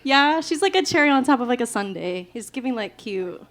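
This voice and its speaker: A woman with a slightly high voice talks loosely to a crowd between songs at a small music venue. She is giggly and chatty, peppering her talk with "like" and "y'all" as she banters with the audience. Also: very animated, fairly quick, fairly bright tone. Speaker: singer performing live. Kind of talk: casual stage banter with an audience.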